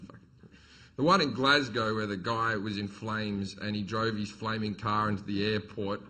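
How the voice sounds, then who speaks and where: On a rough recording with slight background noise, a middle-aged Australian comedian tells stories onstage before a live audience. His medium-pitched voice has a sharp tone, and he swaggers through profane, blunt bits, acting out quotes.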